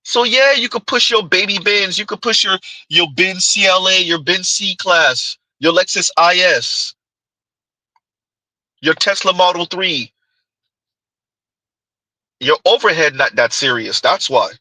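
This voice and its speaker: A male commentary host with a sharp, forceful, fairly high voice talks rhetorically and keeps throwing "huh?" at his viewers. The recording is close and dry. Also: a little slow, long pauses, dry recording, rough recording. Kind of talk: reaction commentary.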